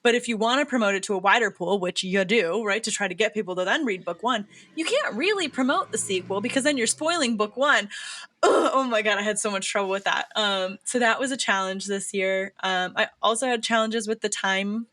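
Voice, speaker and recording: A woman's voice: medium pitch, fairly quick, a bit bright. A woman co-hosting a casual chat, talking about her year with many ums and laughs. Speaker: co-host and author.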